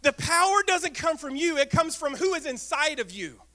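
A man preaching a sermon as pastor, talking in a lively way and asking the congregation questions. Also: very high-pitched, moderate pace. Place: church sanctuary.

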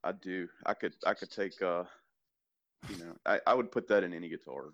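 Man, Southern US accent, very low voice, rambling casual talk, dry muffled audio. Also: fairly quick, no echo. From American South. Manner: easygoing, rambling with frequent restarts. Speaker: podcast guest, church worship leader. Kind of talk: casual chat.

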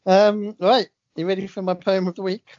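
A man's voice: high-pitched, little pitch movement, normal speed, a little mellow. A man co-hosting a casual podcast, teasing and cheeky with dry banter. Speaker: podcast co-host. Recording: dull lo-fi recording.

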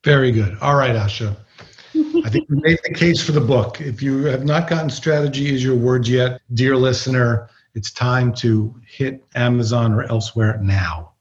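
A man co-hosting a podcast, speaking in a measured, emphatic way. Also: medium pitch, highs cut off. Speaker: podcast co-host. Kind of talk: podcast conversation.

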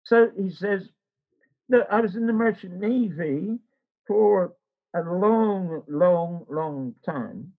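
A man's voice: high voice, slow, vocal fry, phone-quality sound. An older man telling a rambling personal story in casual chat, acting out the voices of the people in it. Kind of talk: casual anecdote.

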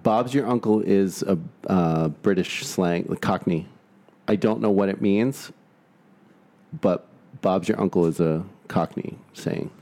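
A man with a fairly low voice hosts a casual, crude podcast chat. He reads facts aloud and riffs on them with coarse jokes. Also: slow, mellow. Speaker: podcast host.

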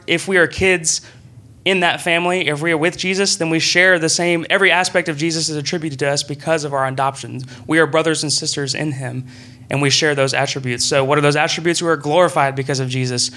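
A young man preaching a sermon in a church room, earnest and conversational, breaking into excited bursts. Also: fairly high pitch, fairly quick.

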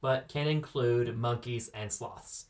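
A man's voice: medium pitch, fairly even intonation, takes it slowly, distant mic. A man from California co-hosting a casual podcast and sharing animal facts with dry humor, now and then correcting himself. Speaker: co-host.

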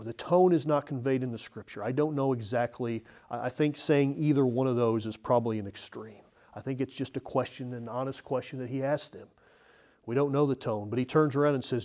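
A male pastor delivering an expository sermon from the pulpit, earnest and emphatic, moving between loud and soft. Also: mid-range voice, a little fast. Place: church, speaking from the pulpit.

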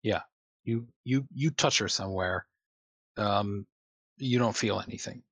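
A man's voice: lowish voice, a little slow, fairly bright tone, no echo. A man running a tabletop game as game master, hesitant with many restarts.

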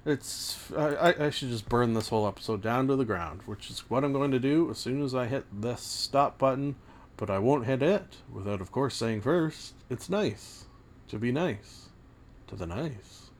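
A man in his late thirties talks through his solo podcast in a loose, wandering way. He trips over his words and restarts often, poking fun at himself as he goes. His voice sits at an ordinary middle pitch. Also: normal speed, slight background noise. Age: late 30s. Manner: rambling, stumbling restarts, self-mocking asides. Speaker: podcast host. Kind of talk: casual solo podcast monologue.

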